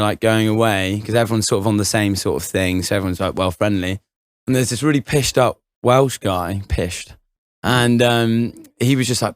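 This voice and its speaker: A man's voice: lowish voice, dry recording, studio quality. A young man on a podcast, telling a rambling anecdote full of fillers and laughs. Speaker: podcast co-host. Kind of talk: casual chat, storytelling.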